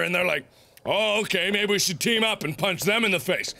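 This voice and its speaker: A man in his twenties hosting a gaming video, loud and goofy, ranting and rambling between frustrated outbursts. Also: sits high, a little fast. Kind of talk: let's play commentary.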